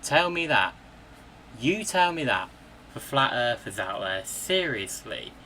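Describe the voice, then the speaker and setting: Man with a slow, emphatic and exasperated delivery and a bright, sharp tone. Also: medium pitch, big pitch swings, slight background noise. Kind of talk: casual ranting commentary.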